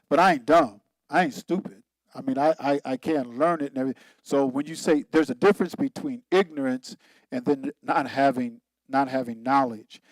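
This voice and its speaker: A man's voice: on the high side, a little mellow, no room sound, poor audio. A man, a pastor, giving an informal Bible teaching in a conversational, emphatic way, repeating himself and laughing at his own points.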